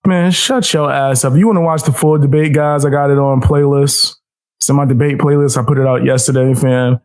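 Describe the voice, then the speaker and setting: A man's voice: medium pitch, flat delivery, a little fast, a little mellow. A man giving casual, trash-talking commentary while he reacts to a debate clip on his stream.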